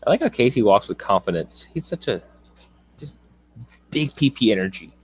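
Sarcastic male co-host, animated pitch, casual banter. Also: moderate pace, slightly rough, no room sound. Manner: sarcastic, wisecracking. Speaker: podcast co-host. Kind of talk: casual chat.

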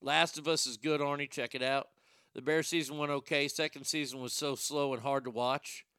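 A man's voice: mid-range voice, steady tone, normal speed, pushed and bright, clear, resonant tone, no room sound, studio quality. A man in casual, rambling commentary, sarcastic and profane as he thinks aloud.

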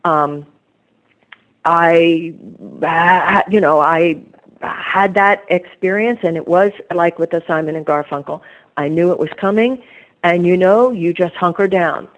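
A woman's voice: on the low side, measured pace, highs cut off. A woman author being interviewed, telling her story in an earnest, reflective way. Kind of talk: conversational interview.

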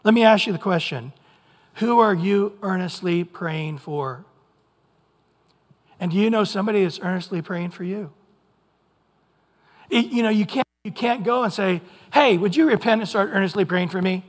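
High-voiced pastor preaching fervently. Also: male voice. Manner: fervent, emphatic preaching with quick asides. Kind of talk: sermon. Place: church sanctuary. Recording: long hall reverb.

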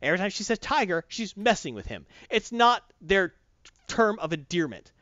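Male podcast reviewer, high and very animated, blunt and profane; dry, muffled sound. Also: moderate pace, no room sound. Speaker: comic book reviewer. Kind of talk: casual opinionated review chat. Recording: dull dry close-mic sound.

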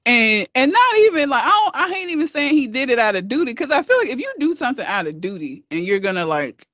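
A woman's voice: sits high, fast, no echo. A woman telling a story in casual chat, cursing freely and laughing often. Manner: profane, laughing, animated storyteller. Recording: slightly muffled, dry.

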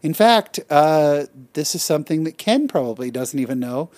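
A man's voice: a little high, normal speed, no room sound. A middle-aged man co-hosting a podcast, telling stories in casual chat and often laughing as he talks. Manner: animated storyteller who laughs often. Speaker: podcast co-host.

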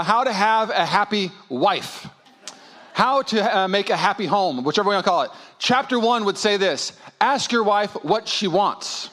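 A man preaching a sermon as pastor, humorous and energetic, telling stories and quoting people in acted voices. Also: sits high. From California. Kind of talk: sermon with storytelling. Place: church sanctuary with congregation.

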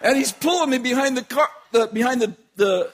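High-voiced man telling a laughing story. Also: brisk. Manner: animated, laughing often while telling. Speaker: business owner telling a story. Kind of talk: casual storytelling.

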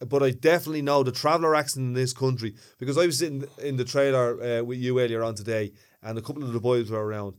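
A man's voice: mid-range voice, fairly even intonation, quick pace, few pauses. Reflective Dublin man in easy chat. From Ireland. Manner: reflective, agreeable, explains with examples. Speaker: podcast co-host. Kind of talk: casual chat.

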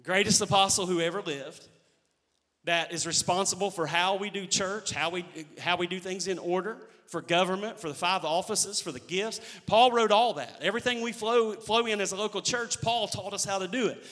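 Male pastor, 30s, emphatic repeating sermon delivery, brightly voiced, heard in a reverberant sanctuary. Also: high-pitched, normal speed. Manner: emphatic preaching, repeating key phrases. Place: church sanctuary.

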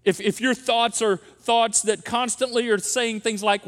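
Emphatic high-voiced man preaching in a hall. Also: steady tone, a little slow, hardly any pauses, a bit bright. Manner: emphatic, repeats key phrases for effect. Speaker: pastor. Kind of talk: sermon on parenting.

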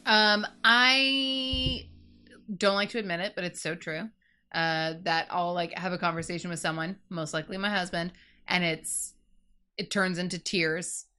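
Woman cohost, bright tone, rambles with lots of "like". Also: on the low side, fairly even intonation, unhurried, smooth. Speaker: podcast co-host. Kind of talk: casual chat.

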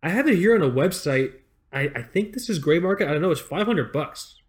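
A man co-hosting a casual podcast, joking and swearing freely, with excitable reactions. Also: fairly high pitch, fairly quick. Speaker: podcast co-host. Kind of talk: casual chat.

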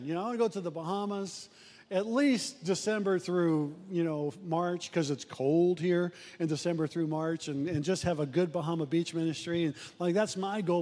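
High-voiced pastor in an echoing church. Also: male voice, a little fast, darkish tone. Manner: folksy, storytelling, frequent restarts. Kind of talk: conversational sermon. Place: church sanctuary. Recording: long hall reverb in a church.

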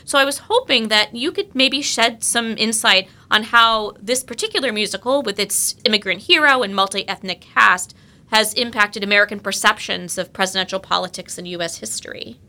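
Bright-voiced woman posing a formal question. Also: medium pitch, normal speed. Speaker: panelist asking questions. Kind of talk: podcast panel discussion.

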